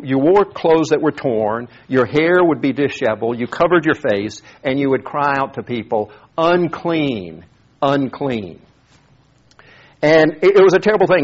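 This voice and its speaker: Male pastor, casual sermon delivery with restarts, slightly husky voice, dull lo-fi recording. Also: fairly high pitch. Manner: conversational, repeats words while thinking. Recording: dull lo-fi sound.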